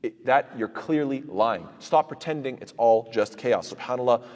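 A man's voice: medium pitch, expressive, normal speed, darkish tone, big-room sound. A man teaching a Quran commentary lecture, asking rhetorical questions and answering them himself, with recited verses in between.

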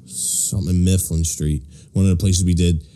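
Young philly dude on a podcast, low mellow tone, cussing his way through a long story. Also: fairly even intonation, moderate pace. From Philadelphia. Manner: swearing, rambling anecdotes, acts out quotes. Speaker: podcast host. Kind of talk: casual chat, storytelling.

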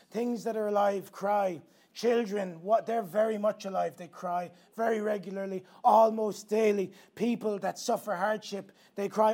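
Young guy preaching, really high voice, fired up and repeating himself. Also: a little mellow. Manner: impassioned, repetitive rhetorical preaching. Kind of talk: sermon.

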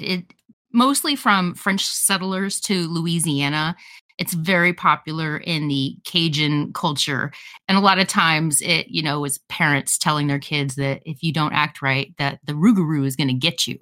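A woman's voice: fairly low pitch, animated, unhurried, sharp tone. A woman co-hosting a podcast, recommending documentaries in an enthusiastic, chatty way. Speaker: podcast co-host recommending films. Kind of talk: casual podcast chat.

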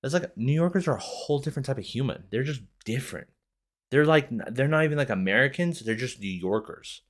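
A man's voice: mid-range voice, lively intonation, fairly quick. A young adult man hosting a podcast, ranting casually with heavy swearing and a rambling, sarcastic manner. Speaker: podcast host. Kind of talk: casual rant.

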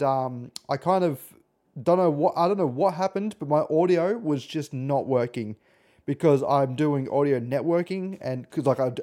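A man's voice: medium pitch, warm tone. A man with an Australian accent hosts a casual podcast. He rambles through asides and swears freely. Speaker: podcast host.

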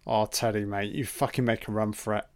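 A man's voice: fairly low pitch, little pitch movement, brisk, no echo. A young man giving casual reaction commentary on a film, swearing often and exclaiming in surprise.

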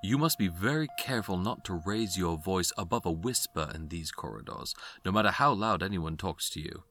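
A man voicing a cautious male guide who speaks low and hushed. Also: steady tone, measured pace, full character voice. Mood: hushed warning. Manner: hushed, low, careful speech.

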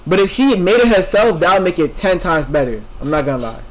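A man's voice: high-pitched, very animated, fast talker, low-quality recording. A young man co-hosting a casual podcast chat with friends, emphatic and repetitive. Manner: emphatic, repeats himself, lots of "bro". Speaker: podcast co-host.

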